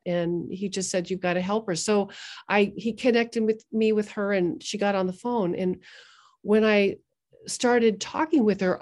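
A woman guest on a podcast, telling a story in an earnest, measured way with pauses. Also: medium pitch, a little mellow. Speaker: guest therapist. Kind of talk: podcast interview.

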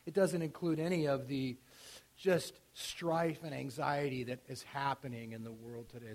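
A man preaching a sermon as pastor, talking conversationally with restarts and sinking to a quiet hush on key phrases. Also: mid-range voice, fairly even intonation, normal speed, a little hiss or hum.

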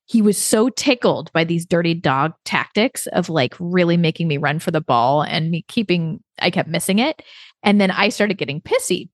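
A woman hosting her own podcast, telling a story in a chatty, animated way, often laughing and acting out quoted dialogue. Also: fairly low pitch, moderate pace, no echo, clean studio sound. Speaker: podcast host. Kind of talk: casual solo podcast storytelling.

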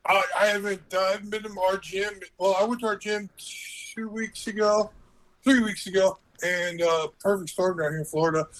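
A man's voice: sits high, fairly even intonation, moderate pace, a bit bright, poor audio. A man chatting casually as a guest calling in, laid-back and laughing often. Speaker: guest on call. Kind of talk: casual chat. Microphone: phone call.

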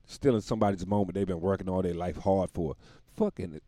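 A man's voice: low voice, steady tone, a little fast, mellow, no room sound, studio quality. A man delivering a rambling, profane comic monologue, often laughing at his own jokes.

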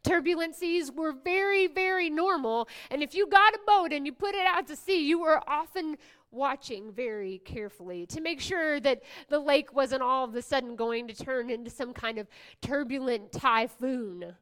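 A woman pastor preaching a sermon, swinging from hushed whispers to loud exclamations, with playful asides to the congregation. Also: high-pitched, normal speed.

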